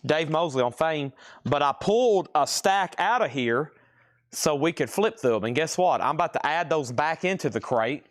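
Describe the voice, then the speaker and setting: A man's voice: fairly high pitch, expressive, moderate pace, dry recording, clean studio sound. A man with a Southern US accent, hosting a live record sale, drawing out his words and reading titles and prices in a chatty way. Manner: drawls out words.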